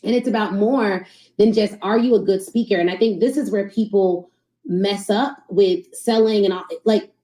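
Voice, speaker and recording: Animated woman coaching on a live stream. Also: medium pitch, normal speed, echoey room, low-quality recording. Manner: animated, conversational, addresses audience as y'all. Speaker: podcast host and sales coach.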